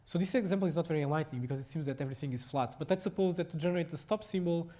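A young adult man with a Portuguese accent gives a technical lecture, speaking haltingly with lots of fillers and restarts. His voice is slightly high and mellow.

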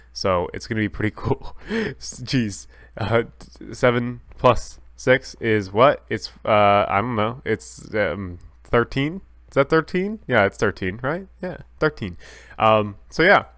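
This male YouTuber's pitch is fairly low and his tone fairly bright, with no room sound. He chats through his gameplay in a jokey way, speaking right to his audience and fixing his own slips as he goes.

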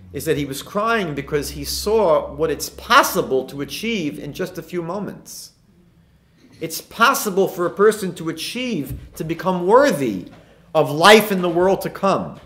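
A man's voice: sits high, fairly bright tone. A man, a rabbi giving a lecture, retelling Talmud stories and asking emphatic rhetorical questions. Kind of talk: recorded lecture.

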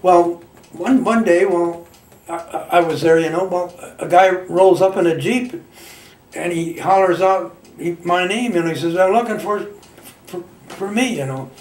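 Halting, folksy old man in his nineties. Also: sits high, a little mellow, reverberant, far from the mic. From Michigan, United States. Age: 90s. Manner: halting, folksy storytelling with colloquial grammar. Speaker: veteran interviewee. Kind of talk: oral history reminiscence.

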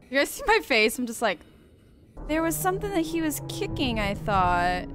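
A woman giving excitable, profane let's-play commentary, shrieking and cursing when startled. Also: sits high, moderate pace. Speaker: gaming creator.

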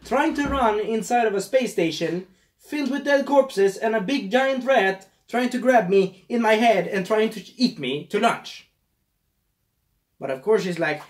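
A man's voice: high-pitched, lively intonation, unhurried. A man casually reviewing a movie, rambling and losing his train of thought, with a scratchy throat.

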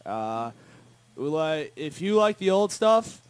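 A young man on a radio show talks about his band's upcoming release, hesitating and filling gaps with ums. His voice is smooth and fairly high, recorded close and dry. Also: sing-song, slow, no room sound. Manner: rambling, hesitant, full of fillers. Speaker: band member guest. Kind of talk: casual radio chat.

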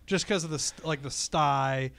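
A man co-hosting a golf podcast, telling stories in a quick, excitable way. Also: on the high side, creaky. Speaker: podcast co-host. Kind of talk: casual golf podcast chat.

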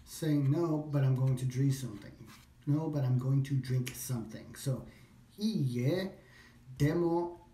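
A man practicing phrases along with a language course, repeating them slowly, thinking aloud and correcting himself. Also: medium pitch, dark tone. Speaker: language learner. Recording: echoey room.

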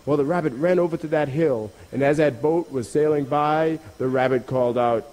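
Animated storytelling man, higher voice. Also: normal speed. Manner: rhythmic, repetitive, expressive. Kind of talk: animated folk tale storytelling.

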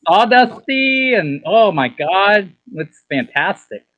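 A man's voice: sits high, very animated, dry recording, highs cut off, exaggerated voice. A man voicing a swooning valley girl with a put-on Valley Girl accent, drawing out his praise of a whiskey. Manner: drawn-out swooning.

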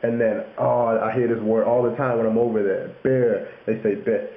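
A man's voice: fairly low pitch, fairly even intonation, normal speed, reverberant. Joking young man on tinny webcam audio. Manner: jokey, laughing, puts on mock London voices for examples. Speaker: YouTuber. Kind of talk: casual vlog explaining slang.

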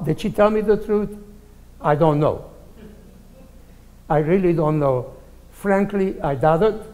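A man's voice: on the high side, a little mellow. An older man, a survivor, telling a personal story to an audience and quoting the people he met. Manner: plain spoken, repeats quoted dialogue. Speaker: Holocaust survivor speaker. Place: recital hall. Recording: long hall reverb.

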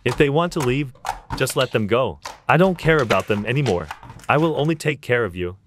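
Really low young guy voice, soft and earnest, storytime cartoon bf, done by a woman. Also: animated, brisk, noisy background. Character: sweet-talking young man, protective boyfriend.

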